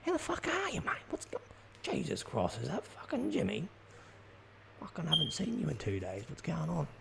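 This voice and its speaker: A man voicing a chatty dad who swears while greeting a workmate, in a high, breathy, half-whispered voice. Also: huge pitch swings, normal speed, very noisy, full character voice. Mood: excited.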